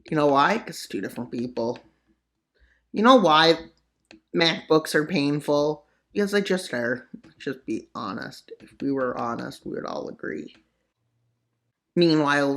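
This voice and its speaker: A channel host narrating a map scenario in joking commentary, full of sarcastic asides and mock-serious mutters. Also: bright, forceful tone. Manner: voice jumps up for punchlines, drops low for mutters. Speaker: mapping video narrator. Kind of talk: joking geopolitical commentary over maps.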